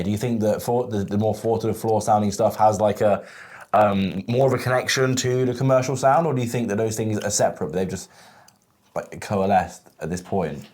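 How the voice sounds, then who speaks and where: A man's voice: lowish voice, darkish tone. A young man hosting a podcast, bantering casually and swearing freely. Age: young adult. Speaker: podcast host. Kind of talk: casual chat.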